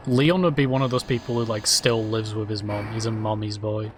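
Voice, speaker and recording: A man's voice: lowish voice, fairly even intonation, fairly quick, slight background noise. Crude rambling man streaming. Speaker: game streamer. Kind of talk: casual gameplay commentary.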